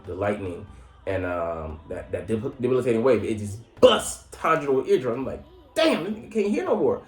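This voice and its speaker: A man giving a casual, slangy recap of an anime episode. He laughs often and jumps into high mock voices. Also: a little mellow. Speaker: anime reviewer. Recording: roomy echo with faint music.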